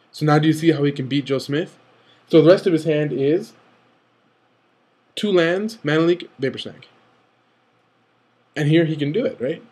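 Breaking down a game with excitement, a young man speaks in a slightly rough voice of fairly high pitch. As a card game video commentator, he's eager and rambling, often rushing and self-correcting.

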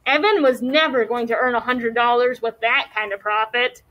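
A woman teacher reads a chapter book aloud to her class. She reads expressively in a high voice and stops to quiz the students. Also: normal speed, lo-fi sound. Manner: expressive, asks the class questions.

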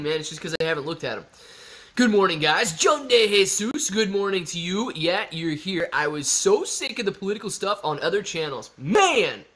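A man's voice: a little high, fairly bright tone. A young man hosting a casual live stream, reading viewer comments aloud and joking back, calling everyone man and bro.

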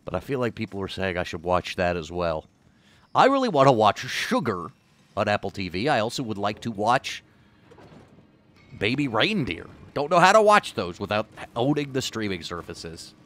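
A man's voice: on the low side, sing-song, normal speed, fairly bright tone. A man streaming a game, rambling and joking with his chat between moves. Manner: rambling, jokey, chats with viewers. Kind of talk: casual gameplay commentary.

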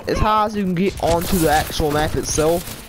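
A man's voice: on the high side, moderate pace, noisy background. A man giving rambling, frustrated gameplay commentary in a whiny tone. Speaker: gaming YouTuber.

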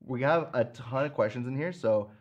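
A Canadian man co-hosting a casual piano live stream, upbeat and quick to laugh while steering to the questions. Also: medium pitch, lo-fi sound. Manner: upbeat, laughs easily, keeps the show moving. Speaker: piano teacher and co-host. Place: indoors at a piano.

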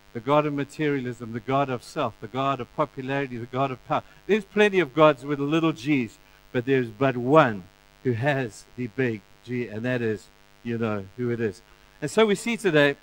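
A male pastor preaching a sermon in an animated way, acting out the stories in different voices. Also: medium pitch, a little hiss or hum, poor audio.

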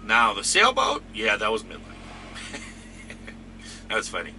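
Easygoing trucker man, bright lowish voice. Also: wildly swooping pitch, unhurried, slight background noise. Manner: rambling, easygoing, lots of fillers. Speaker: trucker channel host. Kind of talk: casual chat reading viewer comments.

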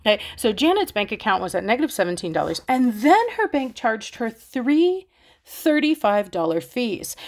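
Chatty woman teaching a math lesson. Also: medium pitch. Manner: chatty, playful, talks straight to students. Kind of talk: casual explaining math lesson.

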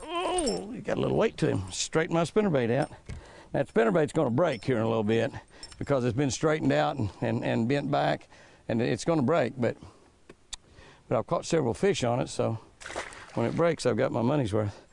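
Older guy fishing out on a boat, folksy and chatty, gravelly voice that swoops all over, lots of boat and water noise behind. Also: mid-range voice, expressive, a little fast. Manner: folksy, chatty, laughs often, exclaims loudly at fish. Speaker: fishing show host. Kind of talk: excited on-the-water commentary.

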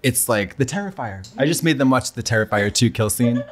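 A campy man trading deadpan wisecracks with his co-host. His voice rises and dips animatedly, mid-range in pitch. He sounds like a man in his thirties. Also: brisk. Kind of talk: casual comedic chat.

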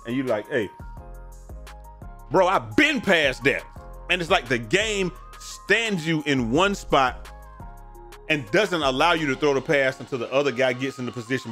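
A man's voice: mid-range voice, fairly bright tone. A man chatting casually as a gaming streamer, tired and yawning, with loose slangy talk full of "man" and "bro". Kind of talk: casual commentary on viewer messages. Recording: faint music behind.

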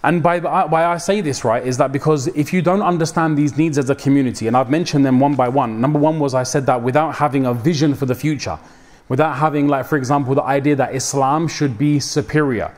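A man's voice: medium pitch, a little fast. A young man giving a mosque talk, casual and slangy, acting out quoted voices as he preaches. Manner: code-switches with slang, dramatic quoted voices.

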